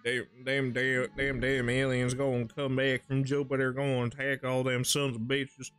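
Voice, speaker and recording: A man voicing a cranky bearded old Southern prospector with a put-on Southern accent, gruff and profane. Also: medium pitch, completely flat delivery, moderate pace, a bit bright, faint music behind, natural voice. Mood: ranting. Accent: American Southern, put on.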